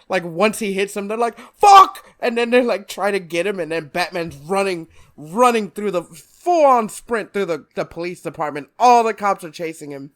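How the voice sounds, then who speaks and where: A man talks casually as a podcast co-host in a somewhat high voice. He recaps scenes with animated energy and laughs often between lines. He swears freely as he goes. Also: moderate pace, few pauses. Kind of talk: casual chat.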